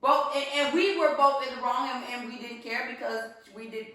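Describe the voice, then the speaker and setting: Woman, podcast host, blunt, swears freely, bright, very echoey room. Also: fairly high pitch, fairly quick. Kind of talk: heated casual podcast chat.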